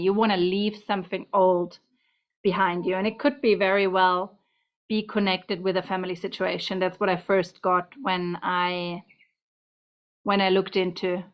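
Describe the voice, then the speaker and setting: A woman giving a casual tarot reading to camera at home, chatty and meandering, slightly out of breath. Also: mid-range voice. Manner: chatty, meandering, talks to her cat between points. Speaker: tarot reader. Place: home room. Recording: dull lo-fi sound.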